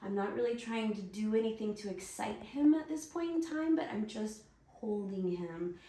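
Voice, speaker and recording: A woman giving soft, soothing guided instruction and gentle encouragement as a workshop instructor. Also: mid-range voice, moderate pace. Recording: roomy echo, distant mic, faint noise.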